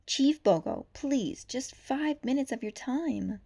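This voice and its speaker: A woman voicing a worried, pleading female otter searching for her husband in a storybook reading, soft-spoken. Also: fairly high pitch, expressive, moderate pace, pitched above the performer's own voice, natural voice.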